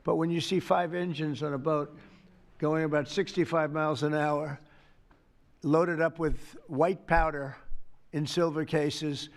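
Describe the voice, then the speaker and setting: An older man answering reporters' questions off the cuff at a press event, rambling and repeating himself with boastful asides. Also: fairly high pitch.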